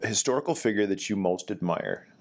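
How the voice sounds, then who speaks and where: A man with a very low voice hosts a casual podcast interview. He runs a rapid-fire question round with an upbeat, teasing manner. Every question carries a little joke. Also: expressive. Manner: upbeat, joking quizmaster. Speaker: podcast host, command chief.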